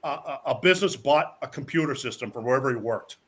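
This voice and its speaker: A man, a wrestler guest, telling stories in a casual chat, animated and swearing freely while acting out what people said. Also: mid-range voice, fast, husky. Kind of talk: casual storytelling.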